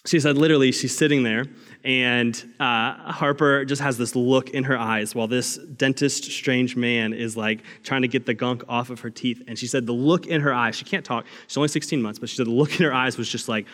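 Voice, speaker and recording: Young male pastor, mid-pitched voice, sermon storytelling, long hall reverb. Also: fairly even intonation, fairly quick. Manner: storytelling, rising to loud acted cries.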